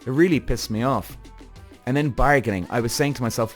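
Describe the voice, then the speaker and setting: A man hosting a podcast in a casual monologue, animated, swearing freely and acting out his own thoughts. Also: mid-range voice, a little fast, faint music behind. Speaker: podcast host.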